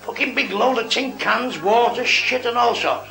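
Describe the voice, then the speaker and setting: A man's voice: high voice, moderate pace, creaky, few pauses, sharp tone, faint music behind. A man doing a live stand-up club set, telling blunt, crude jokes full of swearing and ribbing hecklers, in an echoey live club recording. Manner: blunt, crude, swearing joke-teller who ribs hecklers. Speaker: stand-up comedian.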